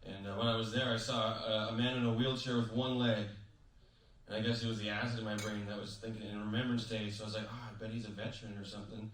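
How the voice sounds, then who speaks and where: A man performing a stand-up comedy set on stage, telling stories deadpan with sudden high-pitched acted quotes. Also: fast talker. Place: comedy show in a hotel venue. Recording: roomy live room, mic at a distance. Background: audience laughter.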